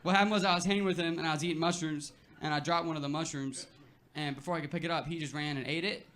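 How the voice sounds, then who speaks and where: A man's voice: fairly high pitch, steady tone, fast talker, fairly bright tone. A young man doing a stand-up set on a club stage, talking in a loose, laid-back way full of filler words, with the audience laughing. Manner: laid-back, filler-heavy delivery with frequent "like" and "you know". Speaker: stand-up comedian.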